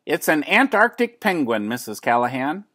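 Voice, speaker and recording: Grandpa voicing a mild, patient gentleman. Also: a little high, sing-song, moderate pace, full character voice. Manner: mild, explaining. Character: polite, patient middle-aged man with pet penguin.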